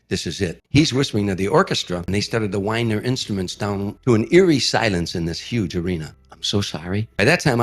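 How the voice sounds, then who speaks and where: Casting: man, low voice, interview storyteller who acts out the quotes. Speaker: comedian recalling a friend.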